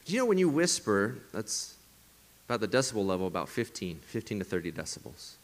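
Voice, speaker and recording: A male pastor delivering a sermon in a church service, preaching with emphasis and often dropping to hushed, breathy whispers. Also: on the low side, big pitch swings, a little fast. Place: church service streamed to viewers at home.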